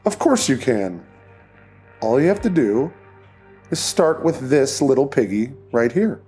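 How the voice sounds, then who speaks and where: A man voicing a calm, menacing male cult leader in an audiobook, speaking in a slow, soothing, coldly controlled way. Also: medium pitch, faint music behind.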